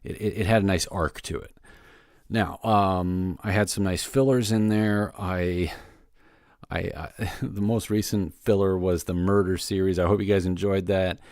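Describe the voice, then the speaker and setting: Low-voiced man rambling through a podcast update. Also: steady tone, unhurried, darkish tone, no room sound, studio quality. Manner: loose and rambling, many fillers and restarts. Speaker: podcast host. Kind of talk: casual solo podcast update.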